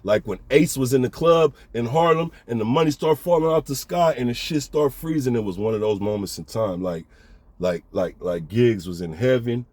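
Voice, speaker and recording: A man's voice: medium pitch, moderate pace, a little mellow, dry recording. A man telling a story in a laid-back, slangy way, often checking in with the listener. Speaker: storyteller host. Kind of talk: casual storytelling.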